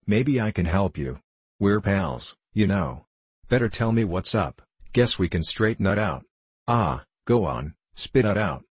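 A man's voice: sits low, big pitch swings, unhurried, slightly rough, no echo, heavily acted. A man voicing a brash, pushy young man who coaxes his friend in slangy talk in a storybook reading. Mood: coaxing. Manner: coaxing, slangy.

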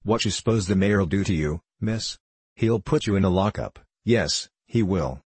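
A man with a husky voice reading the lines of an angry, defiant little girl in a storybook. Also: deep voice, unhurried, darkish tone, no room sound. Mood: furious. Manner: indignant, pleading.

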